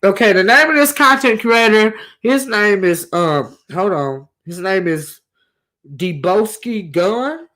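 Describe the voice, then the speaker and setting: A woman with a bright, forceful tone talks straight to her viewers in casual gossip commentary. She is sassy and emphatic, stacking rhetorical questions and asides as she goes. The voice has a sharp edge that carries. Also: mid-range voice, expressive, slow pace. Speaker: commentary channel host.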